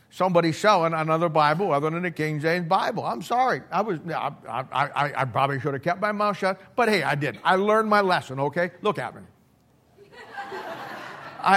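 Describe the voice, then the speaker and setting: A middle-aged man with a slightly high voice for a man and a sharp tone preaches in a loose, conversational style. He is blunt and folksy, stumbling and repeating words as he builds up his sermon stories.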